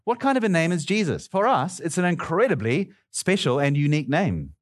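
A man's voice: on the high side, sing-song, a little fast. A middle-aged male pastor preaching a sermon, playfully bantering with his congregation.

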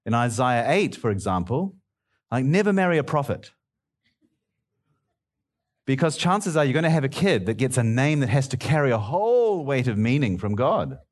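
Playful, lively-voiced male pastor. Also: medium pitch, moderate pace. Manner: playful, bantering with the congregation. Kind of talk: sermon.

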